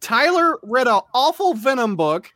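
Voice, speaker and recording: Host with a very animated voice, quick and laughing, casual podcast chat. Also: medium pitch, no echo, clean studio sound.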